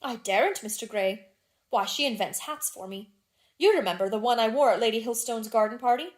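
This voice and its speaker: A woman reading the part of a lively young duchess in a classic novel, chatting in playful society banter. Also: fairly high pitch, fairly quick, close to an everyday voice. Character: lively, teasing young aristocratic Victorian duchess.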